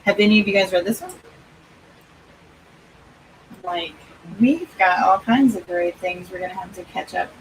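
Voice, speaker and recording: A woman's voice: medium pitch, fairly quick, far from the mic, a little hiss or hum, rough recording. A woman hosting a casual livestream, reading viewer comments aloud and chatting about books. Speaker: livestream host. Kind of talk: casual chat.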